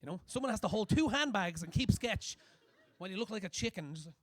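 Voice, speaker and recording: High, fast-talking brash male stand-up. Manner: brash, crude and animated, acting out scenes. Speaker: stand-up comedian. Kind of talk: stand-up comedy set. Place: comedy club stage.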